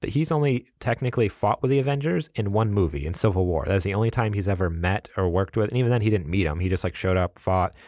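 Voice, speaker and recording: A man's voice: lowish voice, no room sound, studio quality. A man co-hosting a podcast, chatting casually and acting out scenes as he recaps them. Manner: animated storyteller, acts out scenes with quick asides. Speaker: podcast co-host. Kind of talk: casual chat.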